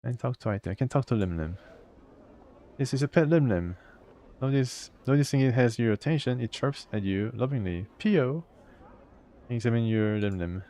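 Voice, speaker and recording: A man's voice: medium pitch, normal speed, mellow. A man casually playing through a video game, reading its text aloud and chatting about it. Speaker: gamer.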